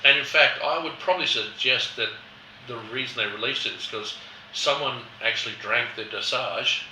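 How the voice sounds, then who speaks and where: A man leading a casual wine tasting chat, animated and acting out quotes in a lively voice. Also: mid-range voice, normal speed, a little hiss or hum. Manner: animated, acts out quotes with rising voice. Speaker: wine educator host. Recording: roomy, distant mic, faint background.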